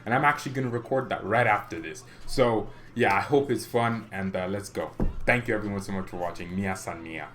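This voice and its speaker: A young man hosting a football fan channel, ranting casually to camera in an animated, mock-menacing way and chuckling between points. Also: fairly low pitch, brisk, a little hiss or hum.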